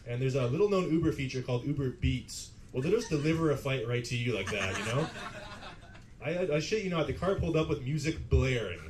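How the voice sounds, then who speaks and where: A man's voice: mid-range voice, expressive, brisk, background noise. A man in his twenties with a Canadian accent, telling self-mocking stories at a pub open mic and laughing at his own jokes. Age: 20s. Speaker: stand-up comic. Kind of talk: stand-up comedy set.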